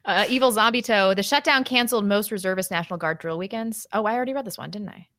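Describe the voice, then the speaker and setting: A woman co-hosts a podcast in loose, casual chat, reading viewer messages aloud. Her voice sits at a middle pitch and comes through close and dry, with no room sound. She is sarcastic and laughs often. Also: fast talker, a bit bright, dry recording. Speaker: podcast co-host.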